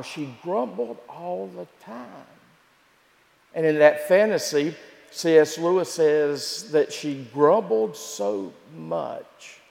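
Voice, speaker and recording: A man preaching a sermon as pastor, telling the story with repeated phrases and dramatic pauses. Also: medium pitch, gravelly, a little mellow. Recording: echoey hall with long reverb.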